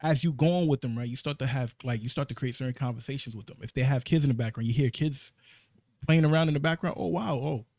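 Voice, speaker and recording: A man's voice: mid-range voice, darkish tone, no echo. A man with a New York accent on a casual podcast, telling work stories in an emphatic way, restarting his sentences often. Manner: fast, emphatic storytelling with repeated restarts. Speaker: podcast co-host. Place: podcast studio.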